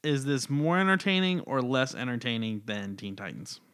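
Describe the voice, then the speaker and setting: A man's voice: mid-range voice, normal speed, fairly bright tone, clean tone. A man co-hosting a podcast, chatting playfully about comics with lots of fillers and giggles. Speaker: podcast co-host. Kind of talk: casual comic review chat.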